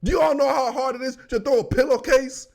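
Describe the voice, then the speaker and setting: A young man giving a solo football recap, talking in excitable, joking slang. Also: extremely high pitch, quick pace, vocal fry. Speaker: sports commentator.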